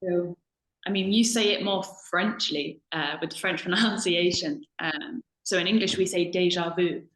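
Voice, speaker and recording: Young woman, lowish voice, chatty webinar guest on a video call, roomy echo. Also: normal speed, fairly bright tone, slight background noise. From United Kingdom. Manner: chatty, many ums and self-corrections. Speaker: language assistant. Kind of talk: casual webinar chat.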